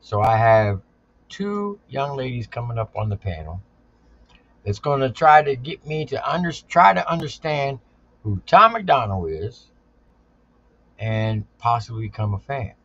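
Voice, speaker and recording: A man's voice: medium pitch, very animated, unhurried, a bit bright, no room sound, lo-fi sound. A man hosting a live stream in casual talk, with hype greetings and laid-back slang.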